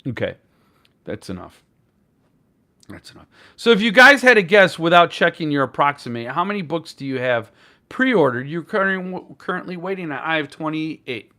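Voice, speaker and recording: A man's voice: fairly high pitch, big pitch swings, normal speed, bright, forceful tone. A man hosting a casual live stream about books, rambling and joking as he reacts to chat comments. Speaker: booktuber host.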